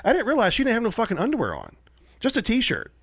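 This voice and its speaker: Lively storytelling man, dry close mic. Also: very high-pitched, fast, dry recording. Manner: animated, acts out quotes. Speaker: comedian guest. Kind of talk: casual storytelling.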